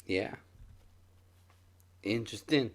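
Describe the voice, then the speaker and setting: A man co-hosting a wrestling podcast, giving relaxed, opinionated takes in casual chat. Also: on the low side, slow pace. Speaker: podcast co-host.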